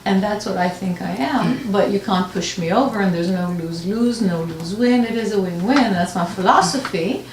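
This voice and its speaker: A woman's voice: medium pitch, normal speed, hardly any pauses. Woman, non-native English, panelist, direct, echoey, distant, noisy. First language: not English. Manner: forthright, explains her views with a laugh. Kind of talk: panel discussion. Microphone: distant mic.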